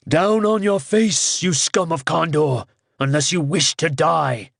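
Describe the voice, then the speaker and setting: A man's voice: a little high, unhurried, creaky, fairly bright tone, dry recording, clean studio sound, heavily acted. A man voicing a proud hero who poses as a god, speaking in grim, ringing, commanding tones. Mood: imperious.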